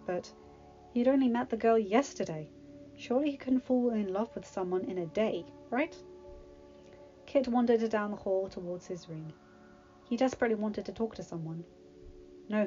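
A woman reads a story aloud in a steady, gentle storytelling manner. Her voice is mellow and soft-edged, at a middle pitch. The recording sounds dull and lo-fi, with faint music underneath. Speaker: fanfiction reader. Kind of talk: storybook narration.

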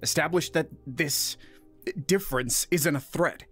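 A man voicing a determined male diplomat who projects forcefully, raised above his narrating voice. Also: on the high side, measured pace, faint music behind, voice pushed up. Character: determined male human diplomat under pressure.

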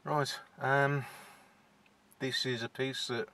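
A man's voice: mid-range voice, little pitch movement, slow, sharp tone, a little hiss or hum. A young man with a West Midlands accent chatting shyly to camera from inside a parked car, hesitant and full of fillers. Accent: West Midlands (Wolverhampton). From England. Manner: shy, hesitant, many fillers and restarts. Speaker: vlogger. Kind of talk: casual to-camera chat.

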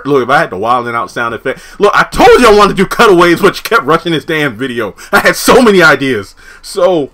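A young man casually recapping a TV episode, animated, laughing often and acting out the characters' lines. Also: fairly high pitch, brisk, few pauses. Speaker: TV episode reviewer.

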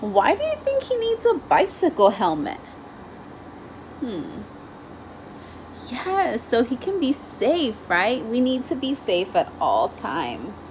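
Young woman teacher, gentle children's read-aloud, slow and lilting, asks the kids questions. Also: fairly high pitch, huge pitch swings, a little hiss or hum.

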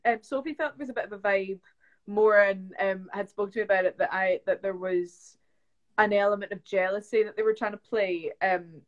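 A young woman talking on a video call, chatty and animated, slipping into little voices as she tells stories. Her pitch sits in an ordinary middle range, heard through a phone or webcam mic. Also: brisk, highs cut off. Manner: chatty storyteller, acts out quotes, laughs often. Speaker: actress guest. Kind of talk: casual live-stream chat.

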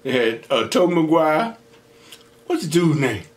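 A man's voice: a little high, unhurried, a little hiss or hum. A young man hosting an eating show at home, telling stories casually between bites, laughing often and acting out what others said. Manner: animated, laughs often, acts out quoted voices. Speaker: mukbang host. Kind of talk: casual storytelling while eating.

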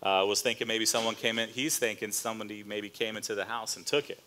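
A man pastor preaching a sermon as a relaxed, conversational story, with casual fillers and slang asides. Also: lowish voice, quick pace, slight background noise. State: choked up near the end.

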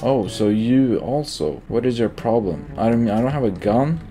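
A young man giving casual, slangy commentary over his own gameplay, excitable and quick to laugh, often repeating himself. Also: mid-range voice. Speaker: gaming YouTuber. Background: faint guitar music.

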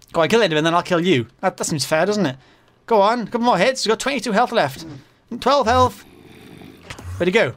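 High-voiced jumpy man yelling at monsters. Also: big pitch swings, a little fast. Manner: jumpy, swings from mumbling to panicked yelling; frequent fillers and self-corrections. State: voice getting hoarse. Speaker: gaming channel host. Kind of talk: Minecraft modpack let's play commentary.

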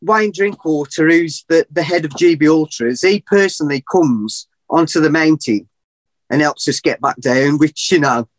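A middle-aged man telling a long story as a podcast guest, animated and rambling, often laughing at himself. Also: on the high side, normal speed, no room sound. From England. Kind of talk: casual storytelling.

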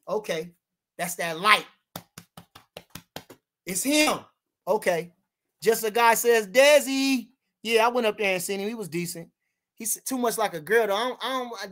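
A man hosts a casual boxing livestream, reading viewer comments aloud and answering in brash, boastful street slang, repeating lines for emphasis. His voice is high-pitched, pushed and bright.

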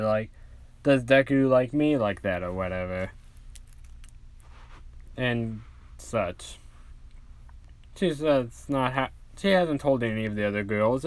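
A man's voice: medium pitch, clean tone, no room sound. A man telling an improvised fan story in a rambling way, full of fillers.

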